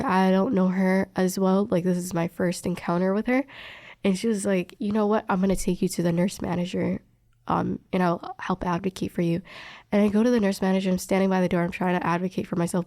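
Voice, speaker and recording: Young woman, lowish voice, candid and emphatic storyteller, dry close sound. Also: darkish tone, no echo. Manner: candid, emphatic, quotes others' words. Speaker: respiratory therapist telling her story. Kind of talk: personal storytelling interview.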